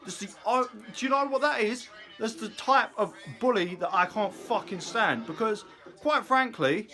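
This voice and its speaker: A man's voice: high-pitched, animated, normal speed, pushed and bright. Ranting, profane man. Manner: angry, profane, mocking. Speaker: vlogger. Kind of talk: ranting commentary to camera.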